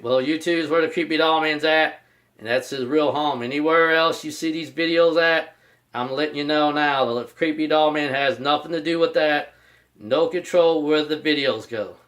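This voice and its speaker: Man with a somewhat high voice, rambling and repetitive, talking about himself in the third person as a channel host. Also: fairly bright tone. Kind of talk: casual vlog announcement.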